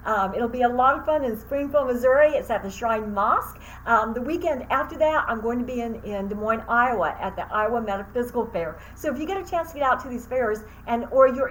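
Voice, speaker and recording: A woman's voice: sits high, slight background noise, low-quality recording. A woman who teaches Reiki and hosts her own channel, telling a story casually to the camera with lots of fillers and thank-yous.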